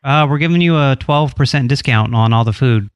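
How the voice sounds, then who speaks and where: A man's voice: medium pitch, a little fast, clean tone, dry recording, clean studio sound. Smug teasing man making a prank call. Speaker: prank caller posing as HOA official.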